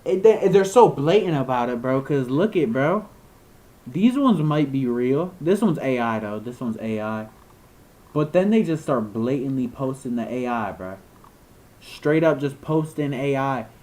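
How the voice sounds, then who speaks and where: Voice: medium pitch, lively intonation, a little slow, darkish tone, low-quality recording. Young adult ranting in slang. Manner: swears casually. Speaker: video creator. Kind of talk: screen reaction commentary.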